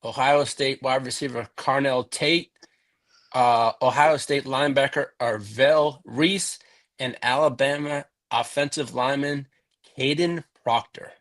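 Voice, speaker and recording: Guy on a sports pod reading headlines, slow and steady, normal pitch. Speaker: podcast co-host reading news. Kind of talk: casual sports podcast chat.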